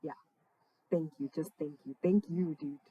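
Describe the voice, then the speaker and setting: A woman's voice: deep voice, steady tone, normal speed, husky, narrow, tinny audio. A young woman, a singer-songwriter, chatting casually and affectionately between songs at a live session, full of slang and swearing. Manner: laid-back, slangy, affectionate, swears freely. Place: parents' backyard, outdoors.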